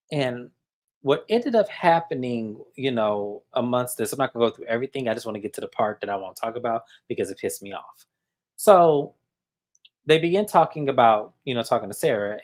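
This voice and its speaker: A host recapping a reality TV episode in casual, gossipy, animated talk that swears freely. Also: medium pitch.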